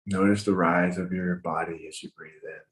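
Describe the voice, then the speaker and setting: Deep-voiced man guiding a meditation. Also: fairly even intonation, rough recording. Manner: slow, gentle instructions with pauses. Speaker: meditation teacher. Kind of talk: guided breathwork meditation. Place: home with windows open.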